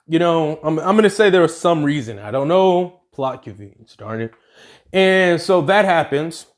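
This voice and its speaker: A man with a fairly high voice improvising a fan story out loud. He rambles and fills gaps with "like" and "um," correcting himself as he goes along. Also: expressive, normal speed. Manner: rambling, with fillers and self-corrections.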